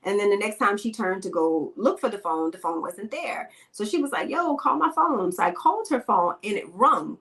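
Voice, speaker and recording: A woman's voice: mid-range voice, expressive, brisk, hardly any pauses, fairly bright tone. A woman hosting a podcast, talking bluntly and emphatically in slangy, casual speech and telling stories into a microphone. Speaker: podcast host. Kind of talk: casual opinion talk and storytelling.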